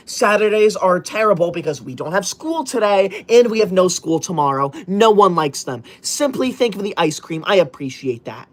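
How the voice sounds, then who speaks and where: Taking on a strict teacher role during a livestream, a man with a high voice loudly reads out what viewers comment, sounding indignant and bossy.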